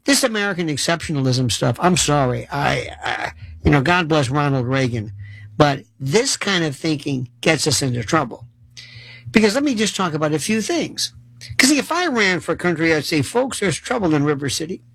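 A gravelly-voiced man rants in a sarcastic monologue, his pitch leaping up and down as he mocks the people he criticizes. He sounds exasperated and acts out their voices with scorn. The sound is close and dry, with no room echo. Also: expressive, normal speed, fairly bright tone. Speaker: commentator. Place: New York City.

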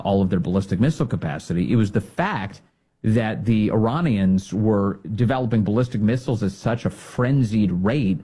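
Man, political commentary, sarcastic, mocking, lively pitch swings, dark husky tone. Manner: mocking, sarcastic, with mimicking asides. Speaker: commentary host.

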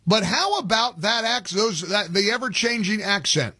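A man's voice: sits high, very animated, normal speed, sharp tone, husky, dry recording. A man hosting a talk radio show, commenting emphatically and indignantly from a studio microphone. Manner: emphatic, indignant, with frequent restarts.

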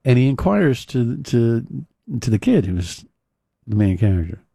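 A man's voice: medium pitch, sing-song, unhurried, creaky, dark tone, breathy edge, no room sound, studio quality. A male radio host casually retelling a film scene in a rambling way, full of fillers and restarts. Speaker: radio talk show host. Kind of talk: casual talk radio monologue.

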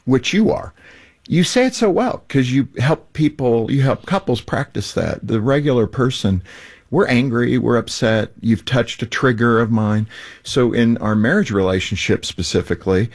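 A man hosting a casual interview, animated and chatty. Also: medium pitch, normal speed. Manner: animated, laughing, acts out everyday exchanges. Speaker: podcast host.

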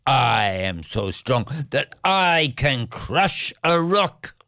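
A man voicing a brash, boastful young shepherd who shouts cocky threats. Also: medium pitch, big pitch swings, very slow, no echo, clean studio sound, voice pushed up, full character voice.

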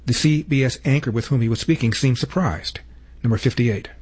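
A male talk radio host delivering political commentary in a measured, pointed way, leaning on rhetorical questions. His voice has a husky, slightly breathy grain at an ordinary male pitch. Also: a little mellow. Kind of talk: political commentary with played clips.

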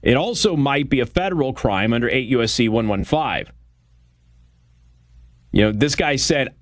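A man's voice: mid-range voice, animated, moderate pace, long pauses, no room sound. Radio host guy ranting politics, blunt, lots of ums, mid voice, dry studio sound. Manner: blunt opinionated monologue with fillers. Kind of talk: political talk commentary.

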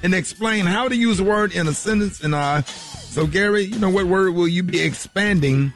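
Male morning show host, high voice, playful ribbing, music bed. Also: moderate pace. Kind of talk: radio show banter.

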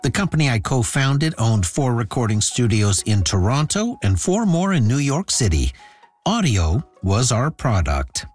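A man's voice: medium pitch, very animated, a little slow, a little mellow, soft background music. A man hosting a radio show, telling stories in scripted, conversational narration. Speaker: radio host.

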